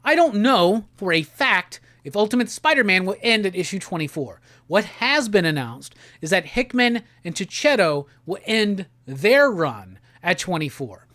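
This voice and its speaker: A man hosting a casual live stream. He talks in a laid-back, slangy way and reads viewer comments aloud in quick bursts. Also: high-pitched, very animated, a bit bright, no echo. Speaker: livestream host. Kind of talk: casual livestream chat, reading viewer comments.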